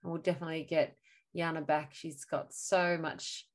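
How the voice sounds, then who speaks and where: A woman's voice: sits low, little pitch movement, normal speed. A woman hosting an online video call, speaking in a chatty way with many fillers as she talks to her guest and the viewers. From Australia.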